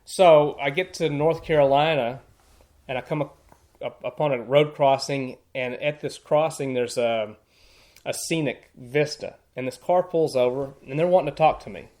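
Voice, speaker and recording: A man's voice: medium pitch, normal speed, a little mellow. A man, a podcast guest, telling hiking stories in a casual, earnest and chatty way, with frequent restarts. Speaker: podcast guest, thru-hiker. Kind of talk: casual storytelling conversation.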